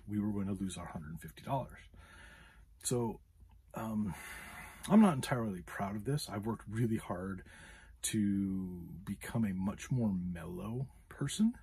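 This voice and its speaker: A man's voice: lowish voice, a little mellow, slightly rough. A man hosting a podcast, telling a frustrated story in a casual monologue with many fillers. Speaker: podcast host.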